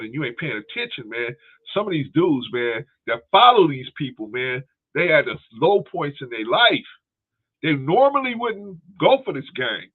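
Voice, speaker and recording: A man's voice: medium pitch, husky. A man hosting a livestream, giving casual commentary, laughing often and peppering his talk with "man" as he thanks viewers for donations. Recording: tinny phone-like audio.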